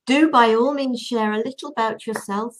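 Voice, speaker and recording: A woman's voice: a little high, moderate pace. A woman hosting an online show, greeting viewers and introducing her guest with easy host patter.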